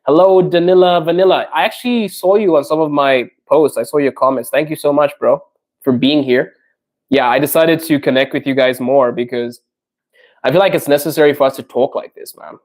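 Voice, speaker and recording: A man's voice: fairly high pitch, brisk, darkish tone. Upbeat man hosting a live chat stream. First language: not Russian; learning Russian. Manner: friendly, chatty, laughs often, addresses viewers directly. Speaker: podcast host reading live chat comments. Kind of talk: casual livestream chat.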